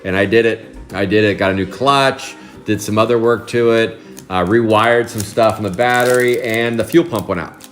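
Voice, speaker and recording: A man in his forties from Oregon chats casually on a live card break stream, his voice lowish, a bit bright, and moderately paced over faint background music. He rambles through stories and chuckles often.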